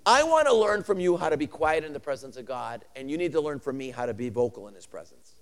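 A man preaching a sermon with swings from shouting to hushed asides and laughs between points. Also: on the high side, animated, fast talker.

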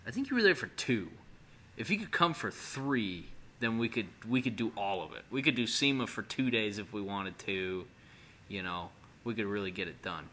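A man's voice: lowish voice, expressive, moderate pace, pushed and bright, slight background noise. A man in casual podcast chat, joking and rambling with frequent restarts.

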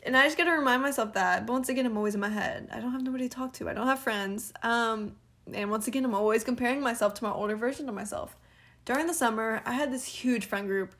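A young woman of about twenty vents casually on her own podcast, her voice on the high side, fairly bright, and quick. She rambles candidly with plenty of fillers and laughs frequently.

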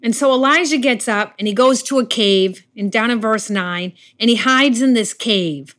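A woman's voice: a little high, normal speed, fairly bright tone. A woman preaching a sermon in an earnest way, sometimes acting out the lines of the figures in the story she tells. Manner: earnest, acts out the Bible figures' lines in quotes.

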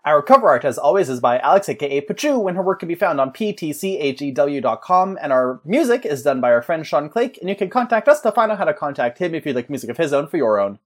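A man's voice: on the high side, big pitch swings, quick pace, hardly any pauses. A man co-hosting a podcast, chatting casually in a joking, rambling way and laughing often. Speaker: podcast co-host.

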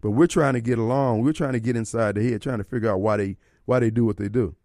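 Speaking at a quick pace, this man has a medium-pitched, slightly mellow voice as he hosts a talk radio program, pushing his opinions and throwing out rhetorical questions. He's in a radio studio on a studio mic, and the sound is dry and clean.

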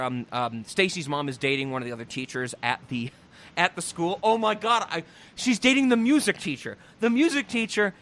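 Animated, swearing young man on a podcast. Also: sits high. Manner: animated, profane, laughing, acts out characters in quick voices. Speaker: podcast host reviewing a movie. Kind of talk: casual comedic chat.

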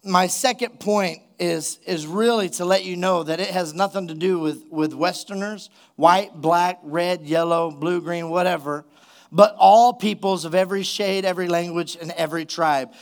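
A man's voice: high voice, moderate pace. A man preaching a sermon as pastor, retelling a story casually before building to emphatic exhortation.

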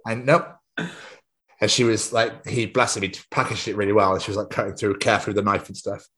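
A young man, co-hosting a podcast and chatting casually, an excitable storyteller who swears freely. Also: fairly low pitch, fast. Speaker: podcast co-host. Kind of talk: casual chat.

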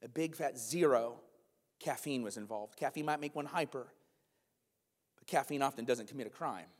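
A male pastor preaching a conversational sermon to his congregation, animated, with frequent asides to the room. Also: mid-range voice, moderate pace. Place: church hall, live congregation. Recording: long hall reverb.

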